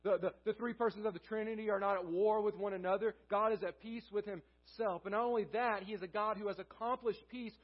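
A man with a high voice preaches an earnest sermon in a church sanctuary. He circles back to key phrases and asks the congregation questions before answering them himself. The recording is dull and lo-fi. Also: fairly even intonation, brisk, few pauses. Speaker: pastor.

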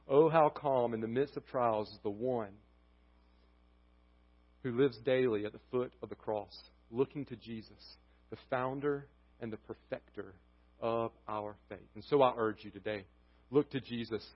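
A pastor preaching a sermon, impassioned, rising to near-shouts and dropping to hushed closings. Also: male voice, mid-range voice, moderate pace, dull audio. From United States. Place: church sanctuary.

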